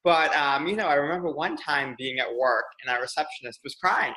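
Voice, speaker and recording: A young man telling personal stories in a candid interview, animated as he recounts moments. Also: a little high, brisk, low-quality recording. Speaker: podcast guest, PR consultant. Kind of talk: candid conversational storytelling.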